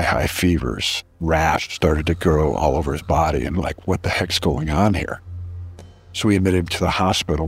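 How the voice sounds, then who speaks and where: A man's voice: deep voice, breathy edge, no room sound. A middle-aged man as a podcast guest, earnestly telling a personal story with reflective emphasis.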